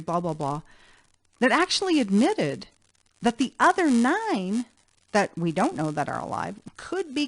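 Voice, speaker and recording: A woman's voice: on the high side, dry recording. A woman, a former flight attendant, giving an emphatic, rambling and insistent monologue.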